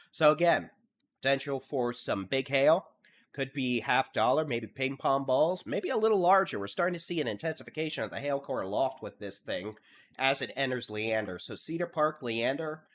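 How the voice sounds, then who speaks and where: A Texan man, congested from allergies, runs live severe-weather coverage in a steady, at times monotone cadence. He works through town names, storm speeds and hail sizes one after another. His pitch sits in the ordinary middle for a man.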